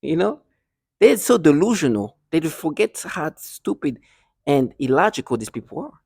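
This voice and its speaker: A man's voice: a little high, very animated, moderate pace, creaky, a little mellow, breathy edge, no echo, clean studio sound. A man talking agitatedly to the camera in a rambling monologue, full of restarts and bitter laughs, sometimes dropping to a near whisper. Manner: drops to a near whisper at times. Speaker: vlogger.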